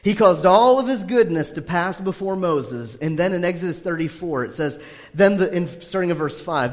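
Brief: conversational male pastor, slightly higher voice, storytelling sermon, long hall reverb. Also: moderate pace. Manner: conversational, animated storytelling with many fillers.

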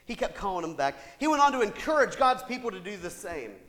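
Animated preacher man in echoing hall. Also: high voice, quick pace. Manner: animated, with rhetorical asides and laughter. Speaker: pastor. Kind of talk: sermon.

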